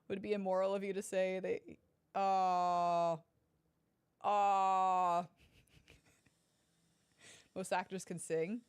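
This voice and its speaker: A woman's voice: medium pitch, takes it slowly, pauses often, smooth. A young woman streaming a first playthrough of a game, reading dialogue aloud and chatting casually, swearing and giggling. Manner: animated, swearing, giggly, reads dialogue in voices. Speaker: gaming streamer. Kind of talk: let's play commentary reading game text aloud.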